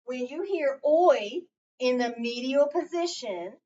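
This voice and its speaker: A woman's voice: high voice, animated, slow, dark tone, muffled recording. Woman teacher, distant classroom recording. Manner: patient, prompting with fill-in questions. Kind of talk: classroom phonics lesson.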